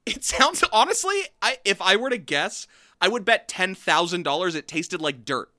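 A man's voice: high-pitched, expressive, normal speed, sharp tone. A man co-hosting a podcast, ranting profanely and jokingly in casual chat. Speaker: podcast co-host.

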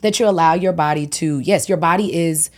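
A woman hosting a podcast, chatting casually with features, telling stories in an animated way and acting out what people say. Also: fairly low pitch, brisk. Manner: animated storytelling, acts out quotes, laughs often. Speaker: podcast host. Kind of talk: casual chat.

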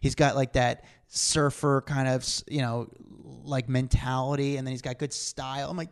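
A man's voice: medium pitch, moderate pace, hardly any pauses. A man hosting a podcast, telling rambling stories full of fillers in a casual chat. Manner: rambling storyteller, filler-heavy. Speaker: podcast host.

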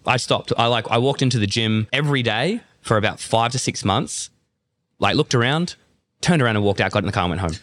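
A man's voice: mid-range voice, brisk, dry recording. A man in his thirties from Australia with an Australian accent, a guest athlete telling stories in a casual interview. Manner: animated storyteller, acts out remembered dialogue.

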